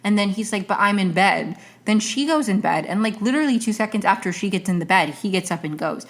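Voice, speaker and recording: A woman's voice: mid-range voice, expressive, quick pace. A woman hosting her own podcast, giving rambling, exasperated commentary full of fillers and restarts. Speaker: podcast host. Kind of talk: casual solo commentary.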